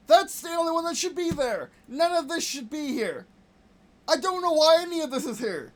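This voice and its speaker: A gameplay host narrates a flight sim session live, swinging wildly up and down in pitch as they rant. Frustration boils over into yelled complaints and the same questions fired at the screen again and again. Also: expressive, a little fast. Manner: frustrated, yelling complaints at the game; talks to the screen in short, repeated outbursts.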